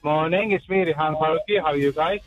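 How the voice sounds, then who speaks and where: A man's voice: a little high, quick pace, soft background music. A man calling into a radio show, cheerful, on a bad phone line. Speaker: caller.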